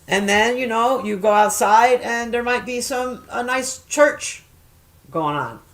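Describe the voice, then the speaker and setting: A middle-aged woman chatting casually and telling stories, swearing often and jumping loud when she acts out quoted voices. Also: on the high side, takes it slowly. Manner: profane, animated, acts out quoted voices loudly. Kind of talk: casual storytelling chat.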